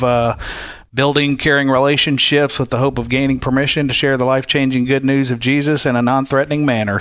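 A man representing a chaplaincy group in a podcast interview, speaking in an unhurried way with many fillers. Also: mid-range voice, a bit bright, no echo. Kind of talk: casual interview.

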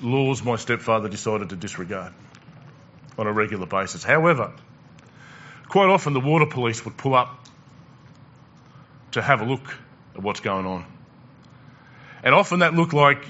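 A man's voice: mid-range voice, lively intonation, normal speed, long pauses, pushed and bright, muffled recording. A male pastor preaching a conversational sermon, asking the congregation questions and repeating words as he goes.

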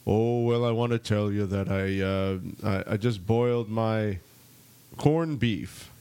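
A man doing a clumsy mock-Irish president at a press conference, halting and hesitant. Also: on the low side, dark tone, smooth. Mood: jokey.

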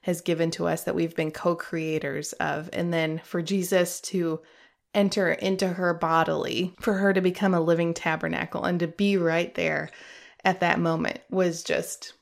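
A woman's voice: fairly low pitch, flat delivery, moderate pace, creaky. A middle-aged woman hosting a podcast, telling a personal faith story in a heartfelt way, emotional at times and laughing through tears. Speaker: podcast host.

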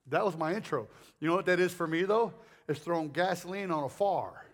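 High-voiced joking male preacher. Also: fairly quick. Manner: rambling, animated storytelling with jokes and asides. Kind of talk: sermon.

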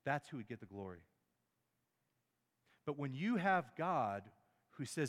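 A man's voice: mid-range voice, animated, normal speed, long pauses. Preaching man, echoing church hall. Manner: emphatic, rhetorical questions, stumbles on words. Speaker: pastor. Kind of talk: sermon. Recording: long hall reverb.

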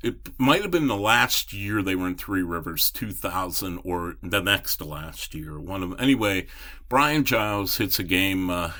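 A middle-aged man recounts old baseball memories as a reporter, circling back with fillers and restarts. His voice sits very low yet cuts through with a sharp, forceful brightness. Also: expressive, moderate pace. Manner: rambling anecdotes with many restarts and fillers. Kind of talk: storytelling in a podcast interview.

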